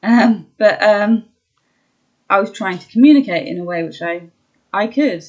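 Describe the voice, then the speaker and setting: A young woman talking candidly about her own experiences, hesitant with many pauses and ums, laughing at herself at times. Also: medium pitch, lively intonation, rough recording. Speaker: vlogger sharing her illness experience. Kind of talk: candid personal chat.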